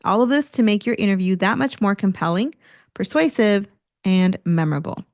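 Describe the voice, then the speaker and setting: An energetic woman hosts a career-coaching podcast in a clear, mid-pitched voice. She talks straight to the listener and acts out examples of tone as she teaches. The mic sits close in a dry room. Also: moderate pace, no room sound. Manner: energetic, demonstrates tone shifts, occasional laughs.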